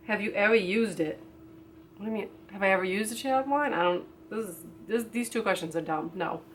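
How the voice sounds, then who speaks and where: A woman's voice: medium pitch, a bit bright, slight background noise. A young woman vlogging a casual question-and-answer video, reading each question aloud and answering off the cuff with lots of fillers. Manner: rambling, with many fillers.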